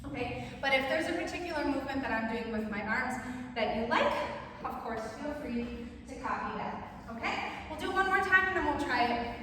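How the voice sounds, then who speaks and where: A young woman teaching a dance routine, counting beats in rhythm and explaining the steps. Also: sits high. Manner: calls counts loudly over music. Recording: roomy echo, distant mic, faint noise.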